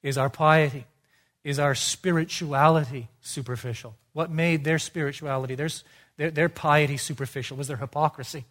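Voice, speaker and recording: A man preaching an expository sermon, emphatic, asking rhetorical questions and swinging between quiet and loud delivery. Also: on the high side, fairly even intonation, moderate pace.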